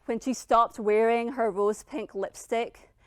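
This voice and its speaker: A middle-aged woman giving a dramatic motivational speech as a founder, emphatic and blunt, with long pauses. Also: fairly high pitch, steady tone, smooth, dry recording, studio quality. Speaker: founder and keynote speaker.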